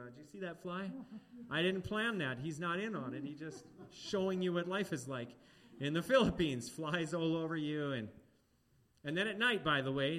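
Animated preacher, higher voice. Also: male voice. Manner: animated, talks straight to the congregation with questions. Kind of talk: sermon.

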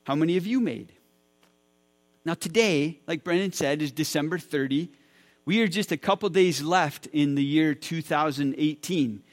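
Man, forties, pastor, enthusiastic, stumbles over repeated words, fairly high voice. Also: normal speed. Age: 40s. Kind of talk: church sermon talk. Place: church sanctuary.

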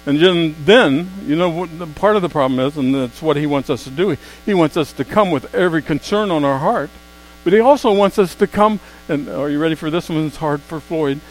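A man preaching a sermon, swinging between quiet, slow asides and loud, emphatic exclamations. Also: fairly high pitch, slight background noise, rough recording.

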